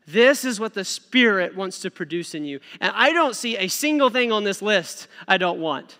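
A man's voice: high-pitched, expressive, moderate pace, hardly any pauses, sharp tone, long reverb tail. A man preaching a sermon in a conversational way, checking in with "okay?". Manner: conversational, acts out voices, frequent "okay?".

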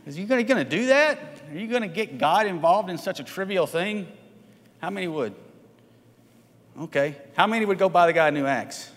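A man with a fairly high, expressive voice preaches a midweek sermon at a moderate pace, his words filling a large church sanctuary. He talks with the congregation rather than at them, asking questions, often adding "right?" and requesting a show of hands.

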